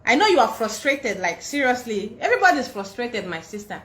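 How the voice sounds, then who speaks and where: A woman's voice: on the high side, sing-song, a little fast, fairly bright tone. A Nigerian woman hosting a livestream, scolding and defiant, repeating herself, speaking into a phone. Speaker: livestream host. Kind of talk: livestream rant. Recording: echoey room.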